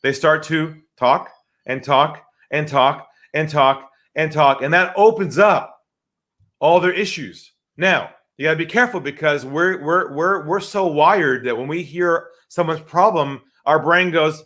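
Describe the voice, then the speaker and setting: A man speaking as a sales expert guest in a podcast interview, animated and emphatic. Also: fairly high pitch, moderate pace. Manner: animated, acts out quoted voices, emphatic.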